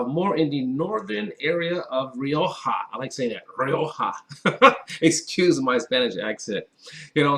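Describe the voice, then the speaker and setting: A man's voice: medium pitch, fairly bright tone. A man from Wisconsin hosting a casual wine tasting vlog, chatty and upbeat, talking straight to his viewers. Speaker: wine reviewer. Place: indoors at a table with a white background.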